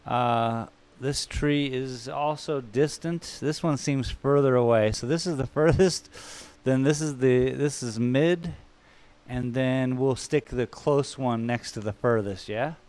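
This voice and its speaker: A man's voice: medium pitch, slow pace, darkish tone, clean tone. A man streaming live as he paints, thinking aloud in a rambling, self-mocking way and chatting with viewers. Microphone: microphone.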